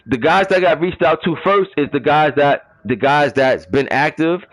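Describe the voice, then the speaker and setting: A man's voice: a little high, normal speed, rough recording. A man, running a gaming league, delivering an emphatic ranting monologue full of street slang and mocking rhetorical questions.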